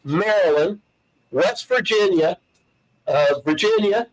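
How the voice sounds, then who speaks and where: Male guest, high voice, very slow, halting, dry close sound. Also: lively intonation, no room sound, low-quality recording. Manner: halting, listing things slowly. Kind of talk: talk show interview.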